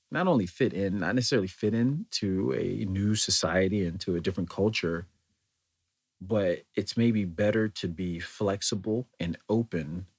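A man's voice: deep voice, slightly rough. An American man talking in a thoughtful, meandering way, with many fillers and restarts, in a reflective solo monologue. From United States.

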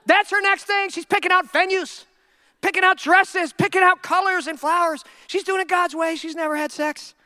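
A male pastor preaching a sermon in a humorous, animated storytelling way. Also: very high-pitched, normal speed, dry recording.

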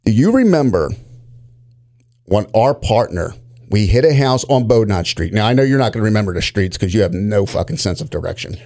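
A man's voice: fairly low pitch, brisk. A man, a former police officer, telling profane stories in casual chat. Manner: profane, animated storytelling.

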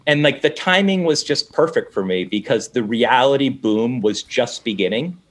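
A man's voice: mid-range voice, moderate pace. A middle-aged man on a podcast, telling a long story in casual chat, acting out the other people's lines and cursing freely. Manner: animated, acts out quoted dialogue, swears casually.

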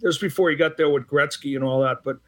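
A man's voice: a little high, fairly even intonation, quick pace, a bit bright. A man from the Boston area telling anecdotes in a casual interview, acting out quoted exchanges between filler-laden restarts. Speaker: retired hockey referee, guest.

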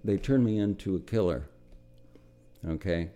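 Older male veteran, deep and dark-toned, reflective, drops into quiet murmurs, faint music bed. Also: a little slow. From United States. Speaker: Vietnam veteran telling his story. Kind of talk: documentary radio storytelling.

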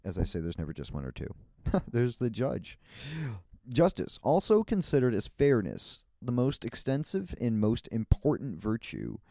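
A man's voice: medium pitch, big pitch swings, normal speed, creaky, warm tone, no room sound, clean studio sound. A man hosting a solo podcast, rambling in a playful, meandering way with frequent laughs and restarts. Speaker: podcast host.

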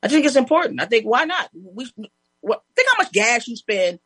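Interview guest: a woman with a husky, fairly high voice, telling stories with energy and laughter, dry sound. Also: normal speed, no echo. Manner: animated, laughing, acts out neighbors' lines. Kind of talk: casual storytelling chat.

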